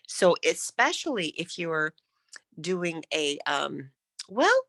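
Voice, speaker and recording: A woman coaching public speaking in an online workshop, enunciating every syllable crisply and switching between loud and whispered speech. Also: lowish voice, sing-song, slow pace, no room sound.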